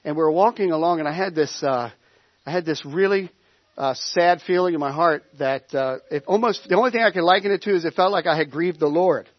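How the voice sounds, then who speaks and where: High-voiced pastor, rambling story. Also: male voice, brisk, dry recording, dull audio. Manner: conversational storytelling with frequent restarts. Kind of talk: sermon.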